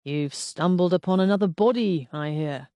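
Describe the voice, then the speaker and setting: A woman reading the part of a calm, steady male police inspector who speaks in a measured, formal way. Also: sits high, clean tone, dry recording, natural voice. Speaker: detective inspector.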